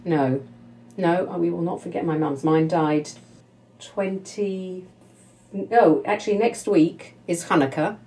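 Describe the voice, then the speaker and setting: A woman's voice: fairly low pitch, takes it slowly, warm tone. A woman interviewing a guest in conversation, emphatic and effusive.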